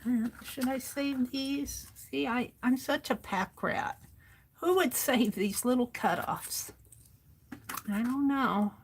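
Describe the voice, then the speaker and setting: Slow-talking woman chatting to herself while crafting. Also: sits high, breathy edge. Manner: talks to herself, rambling and self-amused. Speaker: art journaling streamer.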